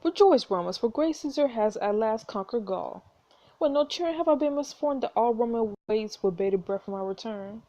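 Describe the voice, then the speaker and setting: A swaggering, mocking Roman commander from a story game, played by a woman reading the lines aloud. The delivery is smug and taunting, and the voice stays soft and mellow. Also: fairly high pitch, lively intonation, moderate pace, lo-fi sound, natural voice.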